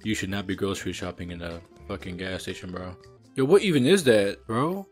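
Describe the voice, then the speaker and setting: Young guy, low voice, yelling and cussing at a game, quiet music behind. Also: brisk. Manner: loud exasperated slangy rants, frequent cursing. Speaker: gaming streamer. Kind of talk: let's play commentary.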